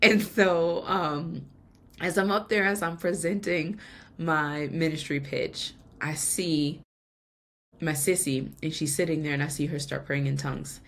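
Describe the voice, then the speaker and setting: A woman's voice: low voice, fairly even intonation, unhurried, fairly bright tone. A woman podcast host giving an earnest, emotional personal faith testimony, laughing now and then between lines.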